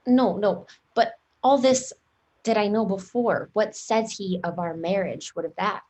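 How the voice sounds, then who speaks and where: A woman's voice: medium pitch, a little slow, darkish tone, lightly acted. A woman reading the part of an eager young girl in love in a table read of a play, pleading and impatient.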